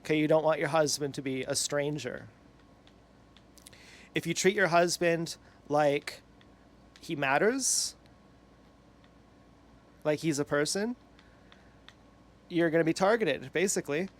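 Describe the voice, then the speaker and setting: A man's voice: a little high, unhurried, long pauses. A man in a rambling, self-correcting monologue, crude and meandering. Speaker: online commentator.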